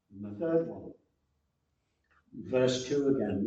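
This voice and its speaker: A man preaching a sermon, slow and earnest, repeating phrases for emphasis, recorded from a distance in a large room. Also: mid-range voice, mellow. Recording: distant, roomy and muffled.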